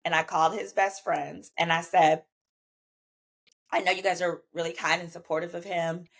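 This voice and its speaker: A woman with a Southern US accent, a podcast guest telling a personal story in an animated, emphatic way, acting out the dialogue she quotes and cursing freely. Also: lowish voice, moderate pace, vocal fry. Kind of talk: animated storytelling in casual chat.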